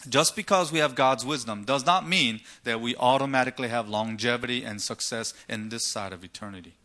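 A man's voice: mid-range voice, brisk, bright, forceful tone. A man preaching a sermon, asking rhetorical questions and retelling scripture stories dramatically. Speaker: pastor.

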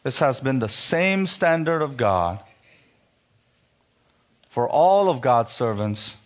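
A man preaching a sermon, reading scripture and rising sharply in pitch when he rebukes, then dropping low for emphasis. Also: expressive, takes it slowly, highs cut off.

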